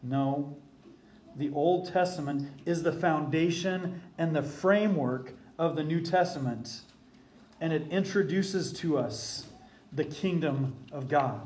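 A man preaching a sermon from the pulpit as the pastor, emphatic and deliberate, slowing down to stress key phrases. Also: fairly high pitch, a little mellow.

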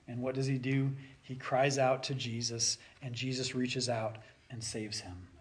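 A man preaching a sermon, swinging between loud urging and soft near-whispered passages. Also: medium pitch, steady tone, measured pace.

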